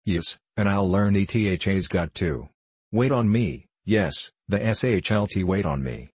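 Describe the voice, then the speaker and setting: A drunken middle-aged coal miner stammers in broad northern dialect, as a male narrator voices him. The voice sits very low with a husky grain. It is recorded close and dry. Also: animated, a little slow, no echo, full character voice. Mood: blustering.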